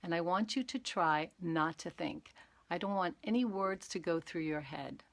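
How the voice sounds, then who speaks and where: A woman teaching mindfulness on a live stream, calmly talking listeners through breathing exercises step by step. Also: lowish voice, moderate pace. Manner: calm, gentle, talks exercises through step by step. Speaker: meditation and awareness teacher.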